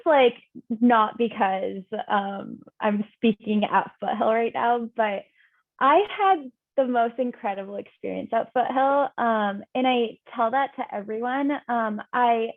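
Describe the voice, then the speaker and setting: Young woman panelist on tinny call audio. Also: fairly high pitch. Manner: eager, uses "like" often.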